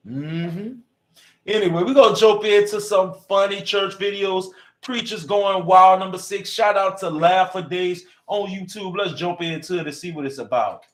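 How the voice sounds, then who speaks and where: A man's voice: high voice, moderate pace, reverberant. Preachy, playful man hosting radio. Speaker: radio host. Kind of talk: radio comedy show talk.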